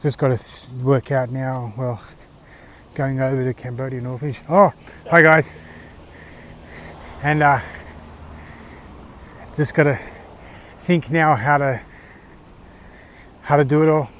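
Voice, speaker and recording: A man in his forties with an Australian accent, vlogging in a casual, halting monologue full of fillers and restarts, from a car on the road. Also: mid-range voice, fairly even intonation, a bit bright, a little hiss or hum. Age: 40s.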